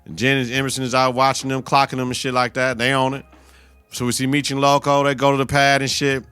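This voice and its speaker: A man's voice: mid-range voice, level tone, fast, sharp tone, clear, resonant tone, dry recording. A man hosting a podcast, recapping a TV episode in casual, profane, slang-heavy talk and talking back at the characters. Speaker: podcast host.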